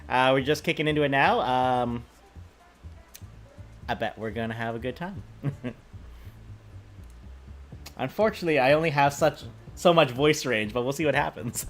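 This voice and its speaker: A man's voice: mid-range voice, normal speed, pauses often, faint music behind. A man chatting casually on a game stream, rambling and laughing. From British Columbia, Canada.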